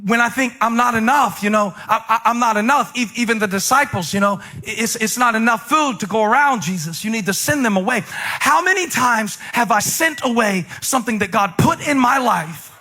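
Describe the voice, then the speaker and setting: Bright, husky-voiced preacher man. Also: very high voice, expressive, moderate pace. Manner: conversational, with sudden emphatic surges; jokes with the congregation. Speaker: pastor. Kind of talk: sermon.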